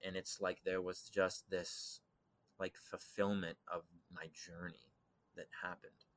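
A young man telling a personal eerie story as a podcast guest, animated, acting out voices and swinging from loud to hushed. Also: low voice, takes it slowly. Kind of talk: dramatic storytelling in conversation.

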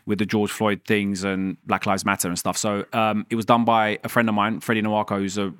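A man, a guest at a live podcast event, telling stories in lively, slangy chat. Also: on the low side, clean tone, no room sound, clean studio sound. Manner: animated storyteller, slangy, fast chatter. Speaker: guest, dentist. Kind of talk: casual live interview chat.

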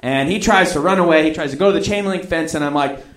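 A man's voice: on the high side, fast talker, a bit bright. A man telling a rambling personal anecdote, acting out the voices of the people in it. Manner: rambling, acts out quoted voices. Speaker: storyteller. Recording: roomy echo.

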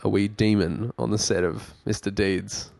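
A man's voice: lowish voice, steady tone, moderate pace, creaky, darkish tone, no room sound. A young man, chatting casually about a film as a podcast co-host, laid-back and swearing now and then.

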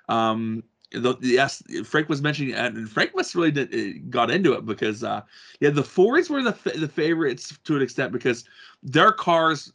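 A podcast co-host with a mid-range, fairly bright voice chats casually about motor racing, rambling with lots of restarts and fillers.

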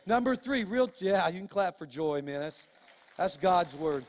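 A man's voice: high voice, animated, measured pace, big-room sound, some chatter behind. A middle-aged male pastor preaching a sermon in a folksy, emphatic way, full of restarts and quoted asides.

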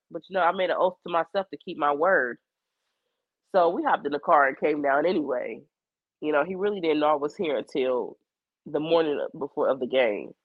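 A hoarse woman in her forties with a fading voice and a cough, talking candidly and reflectively in her personal video journal. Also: low-pitched, no echo, narrow, tinny audio. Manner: candid, rambling, colloquial, reflective. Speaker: psychic medium keeping a video journal.

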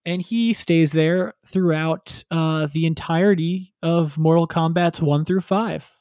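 A man's voice: fairly high pitch, steady tone, measured pace, darkish tone, no room sound, studio quality. A man chatting casually on a podcast, retelling a story and acting out characters with crude humor. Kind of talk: casual chat.

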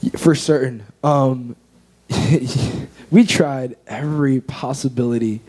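Earnest young man, mellow voice. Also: medium pitch, slow. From United States. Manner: earnest, heartfelt storytelling. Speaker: guest. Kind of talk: personal faith testimony in an interview.

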